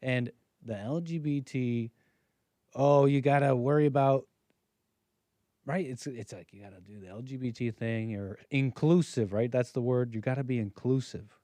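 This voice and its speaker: This American livestream host runs a call-in show, talking easily with viewers and skipping between subjects. He speaks at a normal speed in a medium-pitched, warm voice, with no echo on the recording.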